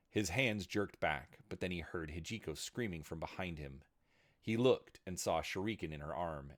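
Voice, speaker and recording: A man narrating a fantasy story in an expressive, dramatic reading. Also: very deep voice.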